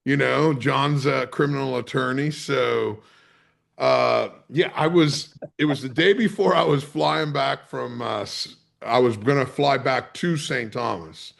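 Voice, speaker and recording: A charter captain from the US East Coast, a guest on a podcast, telling a story in a lively, salty way and acting out what people said. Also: male voice, medium pitch, measured pace, vocal fry. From Maryland's Eastern Shore, USA. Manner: vivid storyteller, swears freely, acts out quotes. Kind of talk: conversational storytelling.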